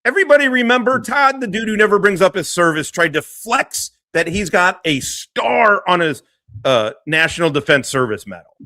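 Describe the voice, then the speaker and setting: A man's voice: high voice, sing-song, normal speed, sharp tone, no echo. A man hosting a livestream, talking casually and swearing a lot as he mocks and laughs. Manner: profane, laughing, mocking. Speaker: streamer host.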